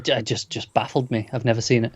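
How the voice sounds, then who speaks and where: A man's voice: medium pitch, little pitch movement, quick pace, muffled recording, a little hiss or hum. A man co-hosting a podcast in casual chat, making wry, incredulous remarks. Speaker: podcast co-host.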